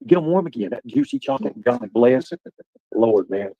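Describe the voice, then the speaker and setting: A man hosting a casual livestream, rambling loudly and cursing as he chats with his viewers. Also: mid-range voice, animated, moderate pace, no room sound, highs cut off. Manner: rambling, loud, profane banter with viewers. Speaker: livestream host.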